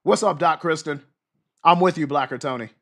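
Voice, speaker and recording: A man hosting a livestream who reads news aloud and reacts in a loud, fired-up, profane way, losing his voice. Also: fairly high pitch, moderate pace. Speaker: livestream host. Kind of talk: livestream commentary and news reading.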